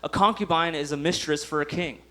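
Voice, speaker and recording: Young man, stand-up comedy, high-pitched, laughs at own jokes, plays characters. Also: brisk, pushed and bright. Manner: laughs at his own jokes, acts out voices. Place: comedy club stage.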